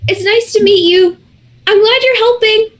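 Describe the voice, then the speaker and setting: A woman's voice: very high-pitched, moderate pace. A woman voicing a nosy, eager young female werewolf pup who talks in a chirpy, sweet, apologetic way.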